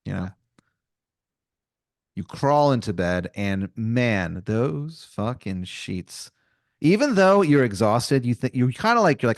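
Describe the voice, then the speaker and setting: A young man improvising a comic story on a podcast, rambling with many fillers and mock-dramatic pauses. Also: mid-range voice, very animated, dry recording, clean studio sound. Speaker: podcast co-host telling an improvised scenario.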